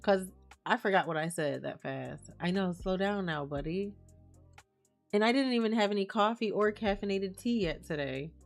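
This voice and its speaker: A woman streaming live, chatting casually and reading out and answering messages from her chat. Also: medium pitch. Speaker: livestreamer.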